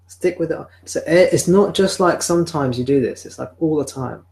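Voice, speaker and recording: Gentle man guiding self-enquiry. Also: a little high, moderate pace, creaky, few pauses. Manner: gentle, repetitive questioning. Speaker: spiritual teacher. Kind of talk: live satsang guidance. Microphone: video call or webcam.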